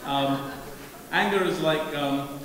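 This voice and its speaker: A man doing a live stand-up routine on stage, talking in halting, stammering restarts and wry self-mocking jokes to a tipsy crowd. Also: fairly high pitch, a bit bright, a little hiss or hum. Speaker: stage comedian. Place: large echoing event hall on a stage. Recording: echoey hall recorded from far off with a crowd. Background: audience murmur and laughter.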